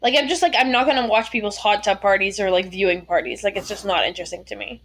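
A woman's voice: medium pitch, fairly even intonation, fast talker, fairly bright tone. A young woman co-hosting a podcast, chatting casually with blunt, sarcastic remarks and free swearing. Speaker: podcast co-host. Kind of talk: casual chat.

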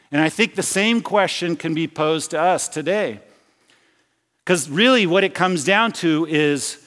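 A man's voice: a little high, fairly bright tone, in a large hall. A man preaching a sermon as pastor, talking conversationally and often restarting his phrases. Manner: conversational, with repeated restarts and personal anecdotes. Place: church sanctuary.

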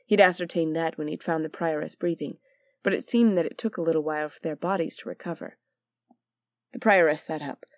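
A woman narrating a fantasy story aloud in a measured, expressive way. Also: sits low, no room sound. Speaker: audiobook narrator.

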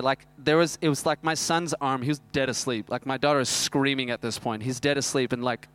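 A man, preaching a sermon that is built around a self-mocking personal story told in an animated way. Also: mid-range voice, a little fast, few pauses, smooth, no room sound. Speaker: pastor.

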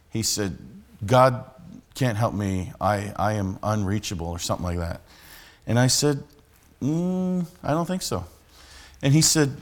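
Man, street preacher, conversational sermon, restarts and fillers. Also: mid-range voice. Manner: conversational storytelling with frequent restarts.

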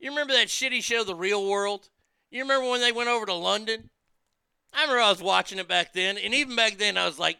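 A man hosting a show, ranting profanely in a casual way, swinging from low muttering to loud outbursts. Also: fast talker, gravelly, smooth, no echo. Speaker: podcast host.

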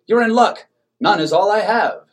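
A man voicing a beaming, overeager male factory floor manager in a comic story, with loud, high-pitched outbursts. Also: a little fast, natural voice. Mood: overexcited.

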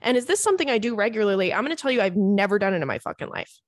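A woman's voice: mid-range voice, expressive, very fast, no room sound. Chatty young woman podcast host, dry sound. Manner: chatty, swears freely, laughs through stories. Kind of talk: casual chat.

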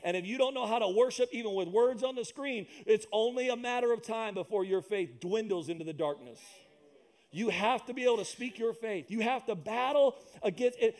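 High-voiced preaching man, emphatic. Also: a little fast, a little mellow. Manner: emphatic preaching, repeats phrases, asides and jokes. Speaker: pastor. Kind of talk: sermon. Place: church with loudspeakers.

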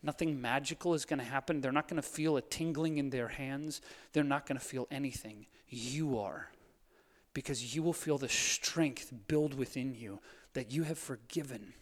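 A man preaching a sermon, moving between quiet hushed lines and fired-up urging, with a playful streak. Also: medium pitch, moderate pace. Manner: playful, laughs at his own jokes. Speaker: pastor. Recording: long hall reverb.

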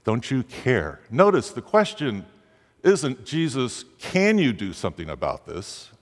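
A man's voice: huge pitch swings, a little slow. Male preacher, dramatic sermon delivery, voice climbing on pleas; long reverb of a big church hall. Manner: dramatic, rising pitch on quoted pleas.

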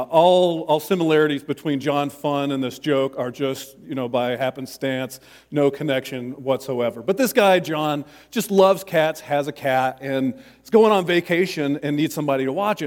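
A man's voice: fairly high pitch, normal speed, big-room sound. A man pastor preaching a sermon in a church, chatty and self-deprecating, with many restarts.

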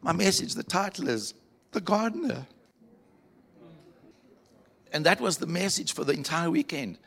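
A man preaching to a church, telling a story with animated quoted voices. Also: fairly high pitch, normal speed, vocal fry. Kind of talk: sermon storytelling.

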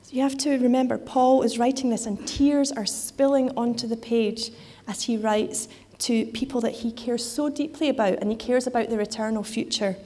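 A woman's voice: on the high side, fairly even intonation, moderate pace, few pauses, mellow. A woman giving a sermon in a conversational way, with frequent fillers and restarts. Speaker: preacher.

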